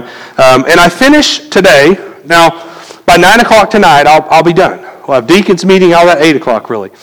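A man's voice: a little high, fairly bright tone, long reverb tail, poor audio. A man preaching a sermon as pastor, talking conversationally and asking the congregation questions.

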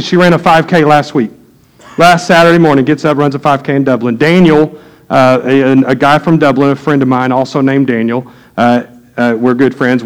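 A middle-aged man, a pastor preaching a sermon to his congregation in a folksy storytelling way. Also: medium pitch.

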